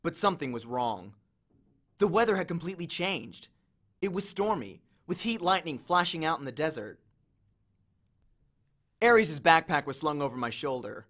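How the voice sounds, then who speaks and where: Expressive man reading a novel aloud. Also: on the high side, moderate pace. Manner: expressive storytelling. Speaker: audiobook reader. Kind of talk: first-person novel narration.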